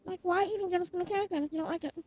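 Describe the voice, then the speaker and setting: A woman live-streaming a game, chatting casually and complaining out loud about it. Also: very high-pitched, steady tone, rapid-fire. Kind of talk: casual live-stream chat while gaming.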